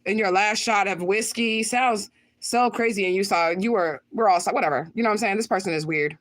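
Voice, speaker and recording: A woman's voice: mid-range voice, a little fast. Blunt, profane woman streamer. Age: adult with children. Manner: blunt, profane, emphatic, repeats lines. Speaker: channel host reading viewer comments. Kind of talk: livestream chat.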